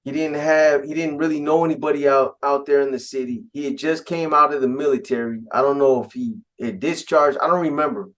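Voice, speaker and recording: A man's voice: a little high, fairly even intonation, brisk, hardly any pauses. A man casually telling a first-person story in laid-back street slang, with frequent restarts and asides. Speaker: podcast storyteller.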